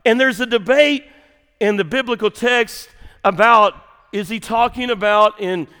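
A high-pitched male pastor preaching to his congregation in an animated, chatty way. He drops to a hush and then rises again for emphasis. A long reverb hangs in the church sanctuary. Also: a little slow, smooth. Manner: animated, conversational, swings between loud and hushed. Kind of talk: sermon.

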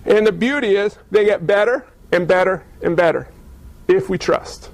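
Male pastor, high gravelly voice, dry close mic; conversational storytelling sermon. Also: moderate pace, no echo, poor audio. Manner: storytelling, conversational, rhetorical questions.

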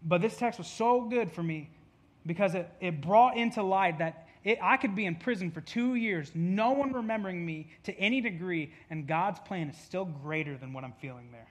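A man's voice: high-pitched, normal speed. A male pastor giving a conversational sermon, with jokey asides and acted-out quotes, in a church.

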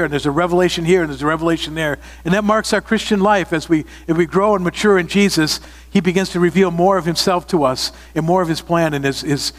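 A man's voice: on the high side, in a large hall. A man preaching a sermon, earnest and direct, often repeating phrases for emphasis and asking his listeners questions. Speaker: pastor.

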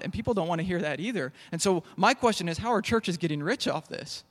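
A man's voice: high voice, lively intonation, fast, few pauses, fairly bright tone. A young man preaching a sermon in a church hall, telling jokey stories. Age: young adult. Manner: storytelling, jokey.

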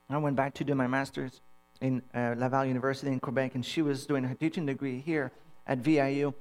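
A man preaching a sermon, telling personal stories in an animated way and acting out the dialogue. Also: mid-range voice. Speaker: pastor.

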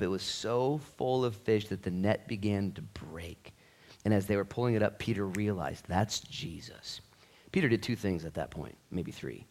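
A man preaching a church sermon, telling the story with lively energy and acting out the quotes. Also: fairly low pitch. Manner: animated storytelling, acts out quotes. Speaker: pastor.

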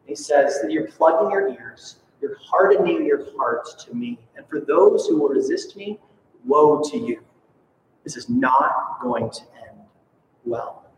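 A man from Alaska preaches with animated energy, dropping in playful, sarcastic asides. His voice sits high for a man. He is heard from some distance in a long-reverberating church hall with a faint rumble underneath. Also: measured pace. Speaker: pastor. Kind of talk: sermon. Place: church sanctuary. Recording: echoey hall, from far off.

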